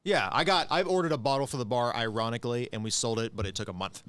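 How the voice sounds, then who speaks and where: A man's voice: medium pitch, fast talker, fairly bright tone, smooth, no room sound. A man who has managed bars for years, chatting casually on a podcast and explaining things at length. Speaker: podcast co-host, bar manager. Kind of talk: casual chat.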